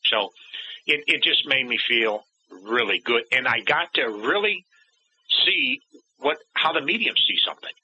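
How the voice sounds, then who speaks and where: A man's voice: medium pitch, sing-song, a little slow, bright, forceful tone, slightly rough. A middle-aged man, a guest in an interview, telling a personal story and acting out the dialogue he remembers. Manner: acts out remembered dialogue in changing voices. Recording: dull lo-fi audio.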